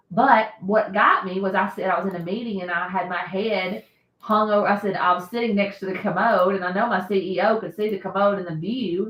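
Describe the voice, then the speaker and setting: A woman's voice: medium pitch, fairly bright tone. A woman hosting a casual live stream, chatting and laughing often as she answers viewer comments. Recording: roomy echo.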